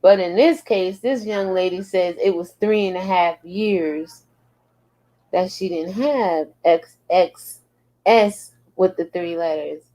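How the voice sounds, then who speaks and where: Woman, commentary host, unhurried drawl, frequent laughter, casual reading of posts. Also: on the low side, warm tone. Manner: slow, drawling, laughs often.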